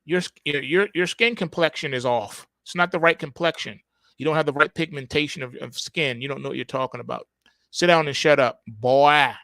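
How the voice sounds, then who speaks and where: A man voicing a scornful male heckler who taunts in quick, contemptuous bursts. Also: on the high side, creaky, pushed and bright, no room sound.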